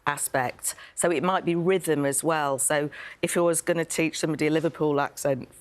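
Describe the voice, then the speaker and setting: Animated low-voiced woman dialect coach. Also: normal speed. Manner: lively, animated, breaks into demonstrations. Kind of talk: live TV interview. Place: TV studio.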